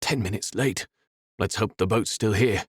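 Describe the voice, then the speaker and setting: A man's voice: on the low side, moderate pace, breathy edge, dry recording, studio quality. A male narrator voicing a determined teenage boy hero who speaks in an urgent way.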